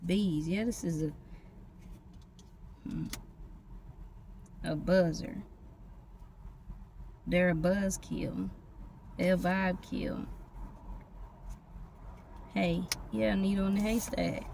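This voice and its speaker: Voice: mid-range voice, fairly even intonation, drawn-out words, creaky, pauses often, darkish tone. A tarot reader giving a loose, casual reading, free-associating from one image to the next with plenty of profanity. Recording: noisy background with vehicle sounds.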